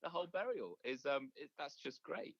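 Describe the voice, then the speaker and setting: A man's voice: on the high side, expressive, moderate pace, creaky, a bit bright, no echo. A man, a preacher, chatting hesitantly over a phone call, repeating words as he goes. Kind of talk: casual chat.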